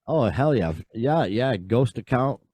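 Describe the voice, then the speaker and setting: A man's voice: medium pitch, animated, a little slow, darkish tone, dry recording. A man hosting a podcast, rambling and exasperated in casual chat. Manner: rambling, exasperated, lots of fillers and sighs. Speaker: podcast host.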